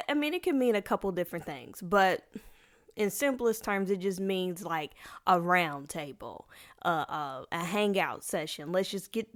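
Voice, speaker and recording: A young woman hosts her own podcast, talking loosely and playfully with plenty of slang. She rambles, restarts her sentences and wanders into asides, in a voice sitting in an ordinary middle pitch. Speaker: podcast host. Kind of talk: casual solo podcast chat.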